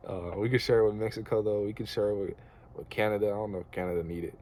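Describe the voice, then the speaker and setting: Speaking fast in a lowish, warm, steady voice, a young American vlogger rambles through an earnest spiritual monologue to camera. It's casual and slangy with plenty of filler words, and a little hiss or hum is audible.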